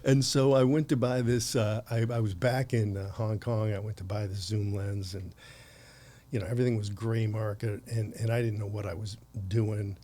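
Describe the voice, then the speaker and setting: A man's voice: on the low side, steady tone, moderate pace, warm tone. A man in his sixties from the United States, a podcast guest telling long anecdotes with frequent laughs and restarts. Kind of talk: conversational anecdote.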